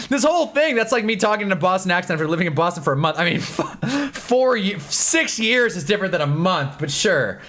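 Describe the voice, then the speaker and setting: A young man with a Midwestern American accent hosting a live stream, telling a dating story in an animated, laughing way and breaking off for quick remarks on the game. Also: high-pitched. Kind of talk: casual storytelling while watching football.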